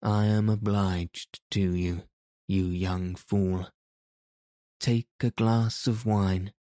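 A blustering quick-tempered old king, as a man reads him. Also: low-pitched, little pitch movement, warm tone, dry recording, clean studio sound. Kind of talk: audiobook character reading.

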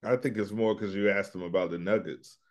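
A man's voice: on the low side, fairly even intonation, a little fast, a little mellow. A middle-aged man chatting casually on a podcast, telling laid-back stories and acting out his own lines. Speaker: podcast co-host. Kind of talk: casual chat.

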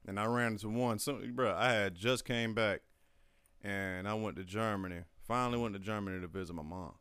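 A man's voice: on the low side, brisk, smooth, no echo. A young man casually telling profane army stories and acting out his old drill sergeants. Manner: profane storytelling, acts out drill sergeants loudly. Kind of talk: casual chat.

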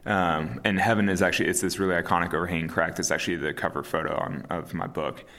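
A man in his thirties, an interview guest talking casually and calmly, with many fillers and restarts. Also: low voice, quick pace. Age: 30s. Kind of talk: casual conversation.

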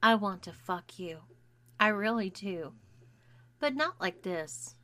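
A woman's voice: medium pitch, lively intonation, takes it slowly, bright, forceful tone, no room sound. A woman reading an audiobook, voicing a timid young man who speaks in a hesitant murmur. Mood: scared.

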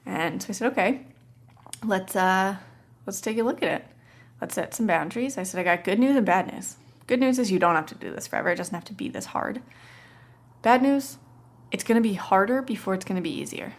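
A woman's voice: medium pitch, fairly quick. A woman hosting a parenting podcast, telling a client story in a casual, conversational way and acting out the quotes.

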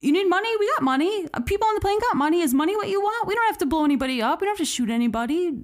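A woman voicing a frantic male airline passenger, who pleads in a high, rushed, breathless voice. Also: lively intonation. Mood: frantic pleading.

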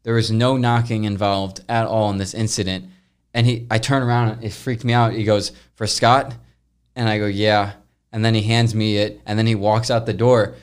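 A young man hosting a podcast, casually telling a long story, rambling and animated, with frequent swearing. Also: fairly low pitch, a little fast, smooth. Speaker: podcast host.

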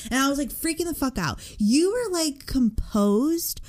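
A young woman in her twenties co-hosts a casual podcast. She tells her story in an animated rush, packed with curse words and "like" fillers. Her voice sits a little high. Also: unhurried. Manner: animated, profane, many "like" fillers. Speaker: podcast co-host.

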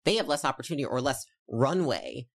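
A young woman, an entrepreneur guest, chatting casually and telling her story in quick, rambling sentences full of fillers. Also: a bass voice, sing-song. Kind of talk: casual interview chat.

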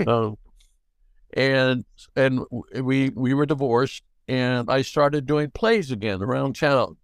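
Older male storyteller, lively, voices each character, dry close sound. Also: mid-range voice, unhurried, no room sound. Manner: animated, acts out dialogue in quotes. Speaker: guest actor. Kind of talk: anecdotal storytelling.

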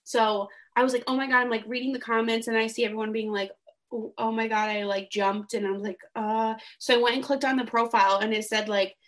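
A young woman co-hosting a casual fan podcast, animated and gushing, laughing often. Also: on the high side, quick pace, hardly any pauses. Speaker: podcast co-host.

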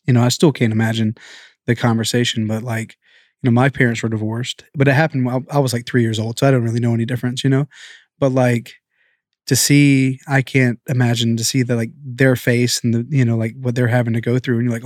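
A man chats with a casual, halting delivery, full of fillers and sympathy. His tone stays level with little rise and fall. The sound is dry and close, with no room around it. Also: mid-range voice, flat delivery, no room sound. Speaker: podcast guest. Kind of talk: casual conversation.

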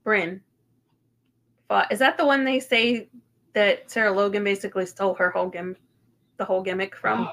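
Casting: bright, crisp woman in her thirties, loose talk-show co-host, swears freely. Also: medium pitch, steady tone, moderate pace, long pauses. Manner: chatty, swears freely, many ums. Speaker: podcast co-host. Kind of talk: casual chat recap.

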